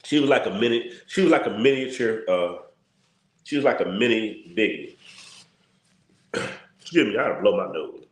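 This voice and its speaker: A man's voice: fairly low pitch, expressive, moderate pace, pauses often, reverberant. A tired man hosting a casual livestream, talking in a blunt, repetitive, slangy rant. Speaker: channel host.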